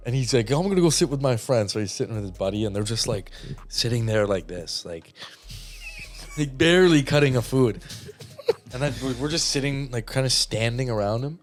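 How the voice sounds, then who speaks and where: Animated young male co-host, rambling and laughing, faint music under him. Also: mid-range voice, fairly quick. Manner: rambling, laughs often, acts out quoted voices. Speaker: podcast co-host. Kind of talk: casual storytelling chat.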